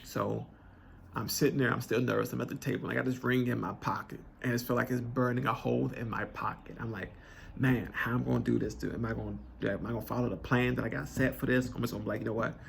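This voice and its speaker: A young man tells a heartfelt personal story, his voice deeply gravelly and full of fry. He talks earnestly and loosely, restarting his sentences as emotion chokes him up, with faint hiss behind him. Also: fairly even intonation, quick pace. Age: 20s. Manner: earnest, conversational, with many restarts and filler words. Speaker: vlogger telling his proposal story.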